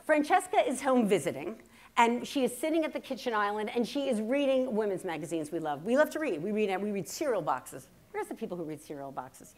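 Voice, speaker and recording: A woman's voice: a little high, very animated, brisk, a little hiss or hum. A woman in her fifties giving a humorous keynote talk, telling family stories and acting out the quotes. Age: 50s. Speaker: keynote speaker. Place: conference hall before a live audience.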